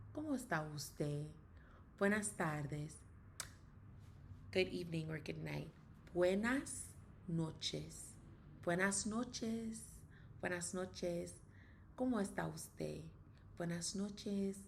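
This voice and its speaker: A woman giving a casual spoken language lesson, repeating practice phrases slowly and with emphasis. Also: fairly low pitch, creaky, a little hiss or hum. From United States. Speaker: language teacher vlogger.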